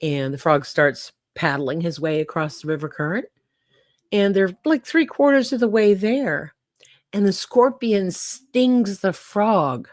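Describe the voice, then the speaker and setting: A woman's voice: mid-range voice, animated, unhurried, darkish tone, no room sound, clean studio sound. An older woman hosting a casual livestream, folksy and chatty, talking straight to her viewers. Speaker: livestream host.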